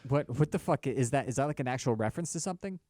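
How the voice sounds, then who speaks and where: A man co-hosting a comedy podcast, chatting in an animated way with jokey asides and swearing. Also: medium pitch, rapid-fire, no room sound, clean studio sound. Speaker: podcast co-host. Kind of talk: casual comedic chat.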